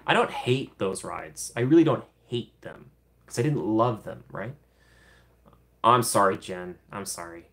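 A man's voice: fairly low pitch, moderate pace, a bit bright. A young man casually hosting a livestream, chatty, laughing often and gushing thanks to his viewers. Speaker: livestream host.

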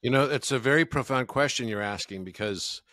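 A man hosting a podcast, talking in a reflective, measured way. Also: mid-range voice, fairly bright tone, no echo, studio quality. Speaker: podcast host. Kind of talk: conversational podcast interview.

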